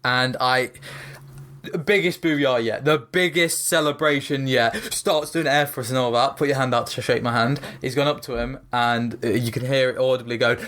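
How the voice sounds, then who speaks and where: A man's voice: medium pitch, steady tone, normal speed, fairly bright tone. Rambling man chatting about darts. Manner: rambling, restarts often, enthusiastic about darts. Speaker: podcast co-host. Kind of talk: casual sports chat.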